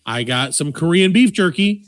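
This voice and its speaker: Animated, profane man telling stories on a podcast. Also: on the high side, moderate pace, no room sound. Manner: profane, animated, acts out quotes. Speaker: podcast co-host. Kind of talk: casual comedic storytelling.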